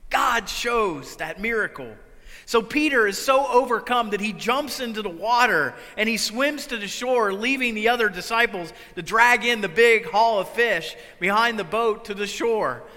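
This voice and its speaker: A man preaching a sermon, swinging between loud, urgent lines and hushed, quiet ones. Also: high voice, animated, moderate pace, long reverb tail. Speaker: pastor.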